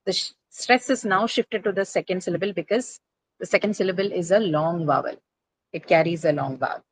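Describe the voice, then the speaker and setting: A woman's voice: fairly low pitch, fairly quick, breathy edge, low-quality recording. A woman teacher giving a classroom lecture on word stress, explaining patiently, repeating points and checking that students understand. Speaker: English teacher.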